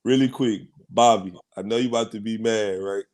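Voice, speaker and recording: A man's voice: fairly low pitch, fairly even intonation, moderate pace, a little mellow. A man giving heartfelt thanks as co-host of a sports show, earnest and close to tears, filling his talk with "man" and restarts. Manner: emotional, earnest, repeats "man" and restarts often. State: fighting back tears.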